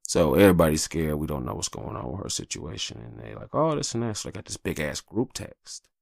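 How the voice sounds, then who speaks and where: A married man hosting his own podcast, talking casually and profanely in a rambling monologue, often jumping into exaggerated high voices. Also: a little fast, vocal fry, dry recording, studio quality. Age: adult, married with kids. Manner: rambling, profane, animated, jumps into high-pitched quoted voices. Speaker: podcast host.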